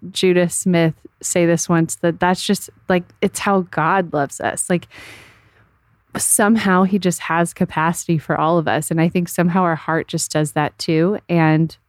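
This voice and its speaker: Female co-host, lower voice, dry close mic, emotional and halting delivery. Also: dry recording. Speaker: podcast co-host. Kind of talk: advice podcast.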